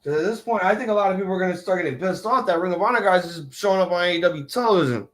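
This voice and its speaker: A man hosting a casual wrestling reaction chat, excitable and profane, often restarting his sentences. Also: high voice, rapid-fire. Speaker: podcast host.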